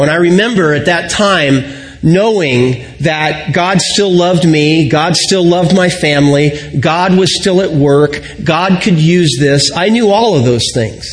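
A middle-aged man preaching a sermon, telling stories reflectively and slowing and softening on key points. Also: a little high. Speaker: pastor.

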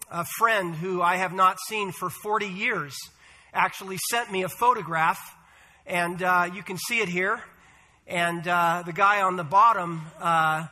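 A male pastor with a high voice and a very bright, sharp tone. He preaches in a measured, earnest way, pausing on the odd "uh". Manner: measured, earnest delivery with "uh" fillers. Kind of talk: sermon.

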